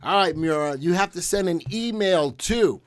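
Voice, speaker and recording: A man's voice: sits high, animated, normal speed, dry recording. A middle-aged man hosting a stock analysis live stream, upbeat and joking as he chats with viewers. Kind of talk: casual live stream talk.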